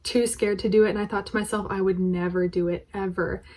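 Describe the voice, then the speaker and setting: A woman's voice: medium pitch, steady tone, a little fast, darkish tone, poor audio. Nervous woman vlogging from her bedroom. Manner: nervous, voice shaking slightly. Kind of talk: casual talk to camera. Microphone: camera propped on her bed.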